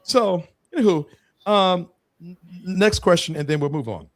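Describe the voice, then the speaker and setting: Lively, playful man hosting a podcast. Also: on the high side, moderate pace. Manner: playful, teasing, animated. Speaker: podcast host. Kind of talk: casual chat.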